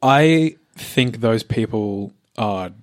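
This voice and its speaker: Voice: mid-range voice, animated, very slow, a little mellow. Blunt, sweary podcast co-host. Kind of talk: casual chat.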